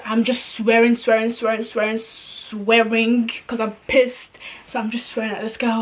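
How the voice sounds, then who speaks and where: A young woman vlogger retelling a personal story in a slangy, animated way, acting out the dialogue. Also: a little high, moderate pace.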